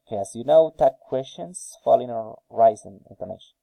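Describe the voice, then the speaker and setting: A man reading intonation drill sentences aloud slowly and carefully for a phonetics task, with a few hesitant fillers. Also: medium pitch, vocal fry, dark tone, no room sound, rough recording. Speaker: student recording a phonetics task.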